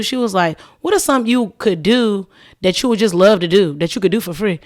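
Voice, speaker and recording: A woman's voice: fairly low pitch, quick pace. A woman guest on a casual podcast, telling her story with animation, acting out what people said and using lots of "like". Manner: animated, acts out quoted dialogue, frequent "like". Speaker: podcast guest, cleaning business owner.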